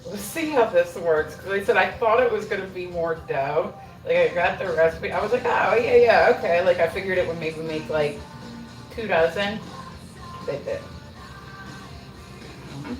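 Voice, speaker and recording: A woman's voice: lowish voice, moderate pace, long pauses. A middle-aged woman, chatting casually and swearing freely on a livestream while she bakes at home. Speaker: livestream host. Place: home kitchen. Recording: roomy echo, mic at a distance. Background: music playing.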